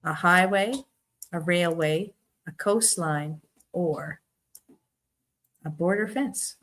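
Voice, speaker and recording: A woman's voice: on the low side, slow pace, fairly bright tone. A woman from Newfoundland with a Newfoundland accent, hosting a casual live-stream trivia game, chatty and giggly, reading viewers' answers aloud and teasing them by name. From Newfoundland, Canada.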